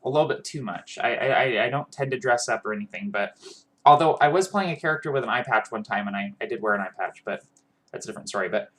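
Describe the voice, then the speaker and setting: A man's voice: medium pitch, animated, fast talker, a bit bright. A man gives casual tips on tabletop role-playing. He speaks earnestly and loosely, with frequent fillers and restarts. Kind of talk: casual advice monologue.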